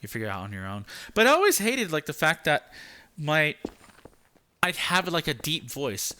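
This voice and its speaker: A young man talks through a game in a raised, bright tone he holds on purpose. His pitch jumps around a lot as he rambles from thought to thought, full of filler words. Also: sing-song. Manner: keeps his voice deliberately high. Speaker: game channel host. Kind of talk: casual gameplay commentary.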